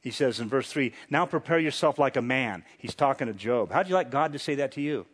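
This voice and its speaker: A man's voice: medium pitch, animated, brisk, few pauses, slightly rough. A man preaching a sermon, reading scripture dramatically and pressing rhetorical questions with chuckles. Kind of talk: sermon, Bible exposition.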